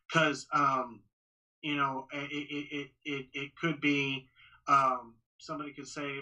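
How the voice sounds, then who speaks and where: A man, a ring announcer, talking casually on a podcast in a halting way with many restarts. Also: medium pitch, little pitch movement, sharp tone, low-quality recording. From Texas. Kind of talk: casual interview talk.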